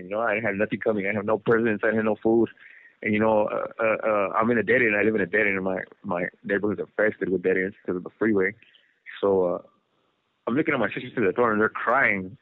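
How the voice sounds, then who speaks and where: Over a tinny prison phone line, a man from Los Angeles who is serving a prison sentence tells his life story. He rambles casually with plenty of fillers like "you know" and "like," in a fairly low voice without echo.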